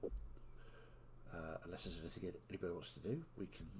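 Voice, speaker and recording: Narrate the scene as a relaxed dungeon master, low and easygoing, with a faint hiss behind you. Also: male voice, moderate pace. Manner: loose, rambling narration with fillers. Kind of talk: narrating a tabletop game.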